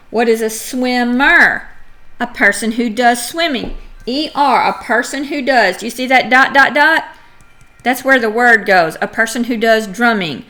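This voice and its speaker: Brief: middle-aged woman teacher, slow and clear phonics drill, playful, bright tone. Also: a little high. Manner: clear, slow sounding-out of letters and words; animated and playful, acts out examples. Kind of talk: phonics lesson for young children.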